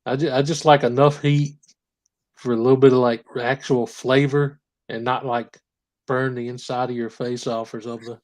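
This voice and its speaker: A man with a medium-pitched voice, chatting on a podcast. He talks in a relaxed, offhand way and drops dude and man into what he says. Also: normal speed. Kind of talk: casual chat.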